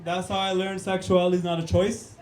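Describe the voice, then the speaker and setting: A man's voice: sits high, monotone, fairly quick, a little mellow. A young man, doing a punchy stand-up comedy set on a club stage and talking straight to the crowd. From Canada. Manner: punchy, keeps calling the crowd "guys" and "man". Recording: echoey room.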